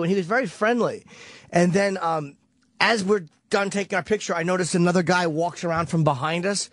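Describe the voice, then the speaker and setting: High-voiced man telling a profane story. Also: fairly quick, fairly bright tone. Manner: profane, rambling, vivid retelling. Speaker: radio show regular. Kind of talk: casual radio storytelling.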